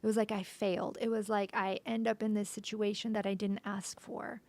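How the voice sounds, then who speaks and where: Woman on a podcast telling her story, bit of vocal fry, hesitant, slips into whispering a lot. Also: mid-range voice, level tone. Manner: halting, emotional retelling with frequent restarts; often drops to a soft whisper. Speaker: podcast guest. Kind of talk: personal storytelling interview.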